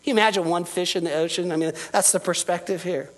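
A man's voice: high voice, steady tone, quick pace, rough recording. A man preaching a sermon as pastor, earnest and emphatic, his voice rising and falling with the point he is making.

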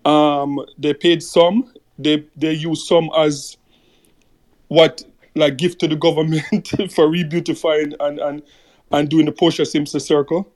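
A man's voice: a little high, level tone, a little slow, darkish tone. A man co-hosting a podcast, telling a story in a rambling, hesitant way with many fillers. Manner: rambling and hesitant, full of "you know" and "like". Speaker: podcast co-host. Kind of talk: casual chat.

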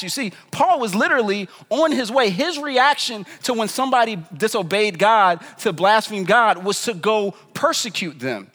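High-voiced pastor preaching casual and slangy, big echoey church hall. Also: male voice, expressive, moderate pace, few pauses, a bit bright. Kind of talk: sermon. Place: church in New York.

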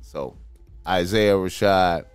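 A man's voice: sits low, slow pace, clear, resonant tone, no room sound, soft background music. A man in casual chat, talking loosely with a lot of profane slang.

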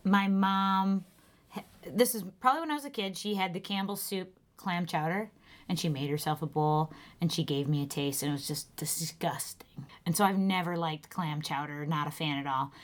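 A woman's voice: lowish voice, moderate pace. A woman co-hosting a comedy podcast, telling a rambling personal anecdote in a chatty way. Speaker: podcast co-host. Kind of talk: casual anecdote.

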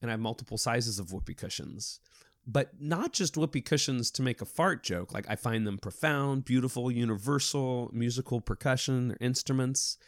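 Male guest, lively storyteller, mid-pitched, dry close-miked sound. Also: normal speed, no echo. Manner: animated, lively storyteller with many restarts. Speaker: hospital clown. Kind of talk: podcast interview storytelling.

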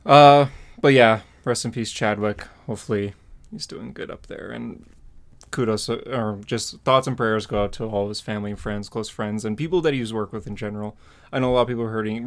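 A man's voice: fairly low pitch, fairly even intonation, fairly quick. A man hosting a casual podcast, rambling through news with lots of fillers and little laughs. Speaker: podcast host. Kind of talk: casual chat.

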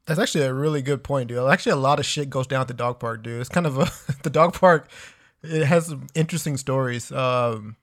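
Speaking a little fast in a mid-range voice, this man co-hosts a podcast with casual banter. He's laid-back and rambling, swears heavily, and says "dude" every few words.

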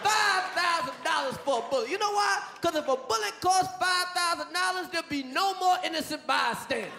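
A man doing stand-up with a piercingly high voice. He drives his points home by shouting and repeating them. The live recording is noisy and echoing, with a loud crowd all around. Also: fairly quick, creaky. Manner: emphatic, shouted punchlines and repetition. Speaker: stand-up comedian. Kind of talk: stand-up routine. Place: stage before a live audience.

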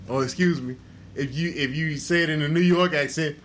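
A man's voice: fairly high pitch, normal speed, fairly bright tone, slight background noise. A man hosting a podcast, telling a story in crude, profane, casual chat. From Texas. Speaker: podcast host.

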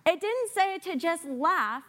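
High-voiced woman preaching a lively sermon. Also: slow. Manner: animated, with playful sarcastic asides. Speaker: guest preacher.

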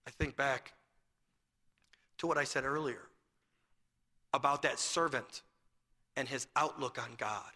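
A man's voice: medium pitch, a little slow, pauses often, bright, forceful tone, in a large hall. A male pastor preaching a sermon, asking rhetorical questions and telling a family story.

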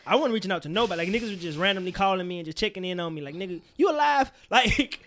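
A man's voice: sits high, racing, sharp tone, a little hiss or hum. A young man co-hosting a casual podcast, talking through friendship advice candidly and animatedly, swearing freely and acting out quoted lines. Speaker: podcast co-host.

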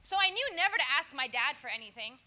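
Woman, church speaker, chatty conversational sermon, high voice, very bright tone. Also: animated, fast talker. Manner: chatty, acts out dialogues with laughs; addresses audience directly.

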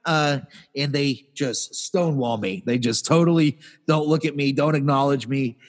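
A man's voice: medium pitch, normal speed, in a large hall. A man co-hosting a podcast, telling an exasperated comic story in a casual rant and acting out the people he quotes in raised voices. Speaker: podcast co-host.

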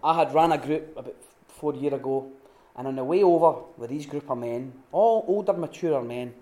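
A man giving an informal teaching talk at a retreat, telling stories with lively restarts and acted-out quotes. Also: a little high, moderate pace. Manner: animated storytelling with many restarts and acted-out quotes. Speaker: retreat speaker. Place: room at a retreat. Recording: echoey room.

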